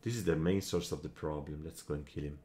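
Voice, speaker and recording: Deep-voiced male game commentator at his desk mic, musing and tallying out loud, short bursts of frustration. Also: steady tone, a little hiss or hum. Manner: thinks aloud, counts under his breath, quick flashes of annoyance. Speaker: gameplay commentator. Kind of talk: casual strategy game commentary.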